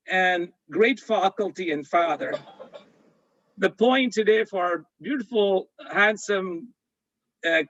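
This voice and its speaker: A man speaking at a college conference, telling students a parable in a halting, storytelling way. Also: high-pitched, a bit bright, dry recording, highs cut off. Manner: storytelling, halting with fillers and repeats. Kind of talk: motivational talk to students with a parable.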